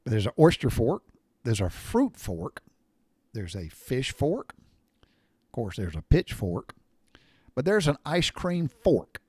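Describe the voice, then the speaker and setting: An older man with a drawl, spinning loose, rambling stories in a folksy way with the odd mild curse. His voice sits at a middle pitch. It sounds close and dry, with no room around it. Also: a little mellow, slightly rough, no room sound. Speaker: storyteller sharing memories. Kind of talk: casual storytelling monologue.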